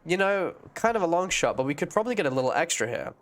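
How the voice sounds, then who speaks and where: A man streaming live, chatting casually and excitably, and swearing freely. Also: on the high side, quick pace.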